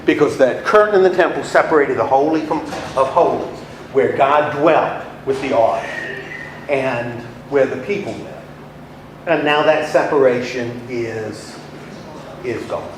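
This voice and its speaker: A man with a mid-range voice leads a small Bible study class at a measured pace, posing questions to his listeners and then answering them himself. The room is echoey, with faint noise in the recording.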